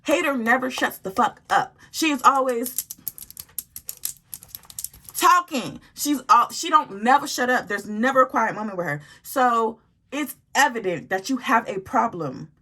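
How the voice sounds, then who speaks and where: A young adult woman telling a story in a casual vlog, animated and profane, acting out the dialogue as she goes. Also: on the high side, normal speed. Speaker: storytime vlogger.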